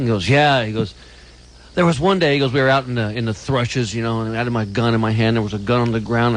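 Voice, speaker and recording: A man's voice: medium pitch, slight background noise. Chatty man telling a joke on radio. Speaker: radio co-host.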